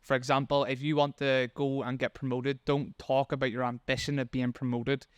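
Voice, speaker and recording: A man's voice: medium pitch, little pitch movement, normal speed, clear, resonant tone, dry recording. A young man hosting a podcast interview, explaining his ideas earnestly with a few restarts. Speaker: podcast host.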